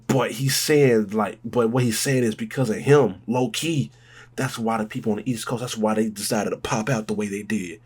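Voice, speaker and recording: Husky, hyped man reacting to music. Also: lowish voice, moderate pace. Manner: excitable, hyped, rambling. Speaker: reaction video host. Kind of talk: casual music reaction commentary.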